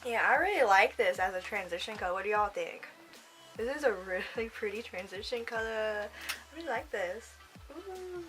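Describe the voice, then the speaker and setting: A woman's voice: medium pitch, normal speed, fairly bright tone, soft background music, poor audio. A young woman giving a casual makeup tutorial, chatty and rambling, often trailing off and giggling to herself. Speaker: makeup vlogger.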